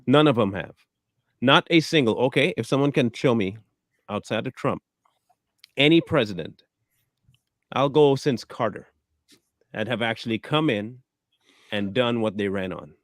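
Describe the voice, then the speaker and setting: A man's voice: mid-range voice, lively intonation, normal speed, pauses often, no echo. Sarcastic man, dry close sound. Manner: challenging, sarcastic. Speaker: co-host of reaction show. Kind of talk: casual reaction chat.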